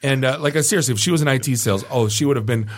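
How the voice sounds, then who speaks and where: A man telling a long funny story in casual podcast chat, animated and often chuckling at his own tale. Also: mid-range voice, racing.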